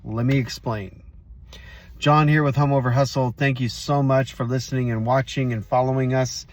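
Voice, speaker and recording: A man's voice: mid-range voice, fairly even intonation, moderate pace, no echo. Casual storytelling male host. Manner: casual, storytelling, addresses viewers directly. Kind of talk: motivational vlog talk.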